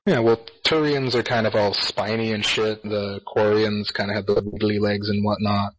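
A man's voice: on the low side, flat delivery, normal speed, rough recording. A man in casual gaming chat, rambling and laughing often.

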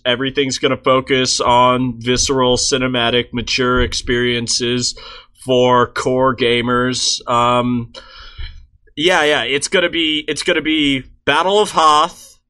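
A man's voice: mid-range voice, flat delivery, unhurried, sharp tone. A man co-hosting a casual gaming podcast, joking crudely and laughing often. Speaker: podcast co-host.

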